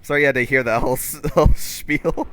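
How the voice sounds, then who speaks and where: Young man, game streamer, casual commentary, laughs a lot, swears, lively pitch, faint hum behind. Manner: laughs often, swears, self-mocking.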